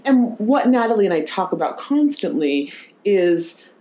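A woman's voice: mid-range voice, very animated, measured pace, mellow. A woman co-hosting a casual chat, telling a funny story with laughter and then drawing a spiritual lesson from it. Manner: laughing storyteller turning reflective. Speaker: podcast co-host.

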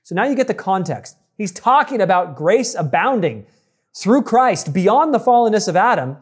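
High-voiced man preaching a sermon. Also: sing-song, moderate pace, husky. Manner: teaching, emphatic, addresses congregation directly. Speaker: pastor. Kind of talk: expository sermon.

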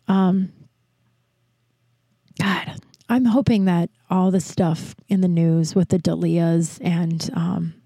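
A woman's voice: fairly low pitch, vocal fry, dark tone, dry recording. A woman hosting a podcast, telling a personal story in a rambling, confessional way with wry, self-mocking asides. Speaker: podcast host. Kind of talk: candid personal monologue.

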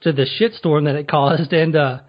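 A man's voice: on the high side, steady tone, normal speed, highs cut off. A man chatting casually on a podcast, rambling through questions with lots of fillers and laughs. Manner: rambling, many fillers and restarts, laughs often. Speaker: podcast guest asking questions. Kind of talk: casual interview chat.

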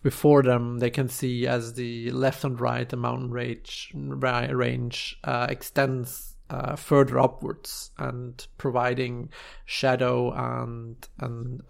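A man narrating a tabletop game scene as game master, halting and searching for words with many restarts. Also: medium pitch, vocal fry.

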